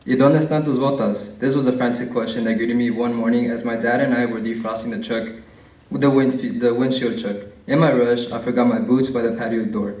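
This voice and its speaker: A man's voice: medium pitch, flat delivery, fairly quick, darkish tone. A teenage student reading his own essay aloud at an award event, plain and a little nervous, with some slips. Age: teens. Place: large library event hall. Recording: echoey room from far off.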